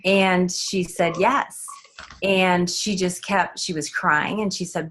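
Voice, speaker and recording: A woman with a lowish voice tells a personal story as a guest in an interview. She speaks haltingly, pausing on ums and restarting her sentences as she goes. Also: steady tone, a bit bright. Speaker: guest author.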